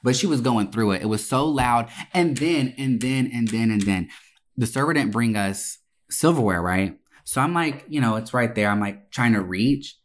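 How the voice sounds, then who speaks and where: A young podcast co-host tells a story in loose, casual chat, full of swearing and oaths. Their voice sits at a middle pitch and jumps up high when the story gets excited. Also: moderate pace. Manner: animated, profane, swearing oaths for emphasis.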